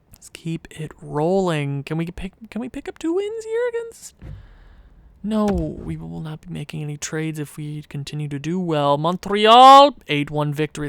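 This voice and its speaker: A man giving casual gameplay commentary as he thinks aloud, rambling and hesitant with lots of restarts. His voice has a gravelly fry yet stays smooth and resonant. The sound is dry and close, with little room around it. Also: a little high, dry recording. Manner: swings from mumbling to sudden excited outbursts. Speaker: gaming channel host.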